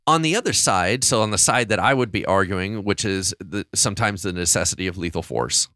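A man's voice: low voice, lively intonation, brisk, bright, forceful tone, no echo, clean studio sound. A man co-hosting a podcast in a casual discussion, telling stories expressively and acting out his own reactions. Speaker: podcast co-host.

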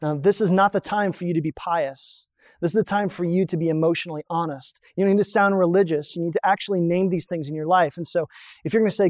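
In a relaxed, conversational sermon, a pastor walks his congregation through points on a drawn diagram, posing rhetorical questions and then answering them plainly. His medium-pitched voice moves a little fast and is recorded dry and close, with no room echo.

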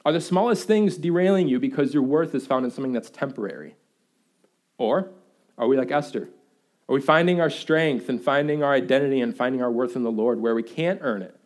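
A young man preaching a sermon in a church, telling playful, animated stories about his baby son. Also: mid-range voice. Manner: animated storytelling, excitable and playful. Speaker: pastor.

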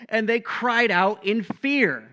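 A young male pastor delivers his sermon in a casual, animated way, peppering it with "right?" asides. His voice sits a little high and rings bright and forward. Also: slow pace, dull audio. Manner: animated, conversational preaching with frequent "right?" asides.

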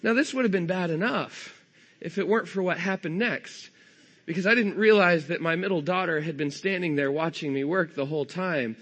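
A man's voice: sits high, moderate pace, a bit bright, breathy edge. A man in his thirties from California preaching a sermon, telling a humorous self-deprecating family story. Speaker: pastor.

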